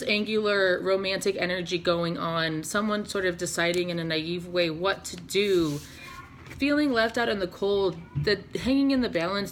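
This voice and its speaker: A woman's voice: medium pitch, gravelly, a bit bright, slight background noise. Chatty woman reading tarot cards. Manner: chatty, laughs often, swears casually. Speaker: tarot reader. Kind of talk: casual tarot card reading.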